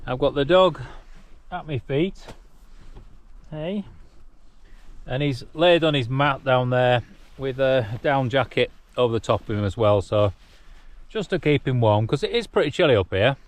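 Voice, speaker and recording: A man in his forties from the UK talks to his camera while wild camping on a cold mountaintop at night. His voice is mid-pitched and relaxed, and he reflects aloud with an easy chuckle now and then. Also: normal speed. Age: 40s. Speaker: solo wild camping vlogger. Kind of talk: casual chat to camera.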